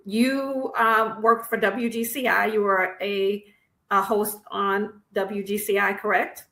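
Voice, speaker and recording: A woman's voice: medium pitch, steady tone, takes it slowly, bright, forceful tone. A woman hosting a podcast, asking an interview guest questions in a curious, encouraging way. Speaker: podcast host. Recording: roomy echo.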